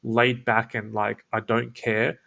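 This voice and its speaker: A man with an Australian accent explaining a cold call script in a casual teaching talk, his voice creaky and croaky, kept laid-back and toned down. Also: little pitch movement, slow pace, pushed and bright, highs cut off. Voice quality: creaky, croaky low delivery. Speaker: agency owner teaching cold calling. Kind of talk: casual instructional talk with demo lines.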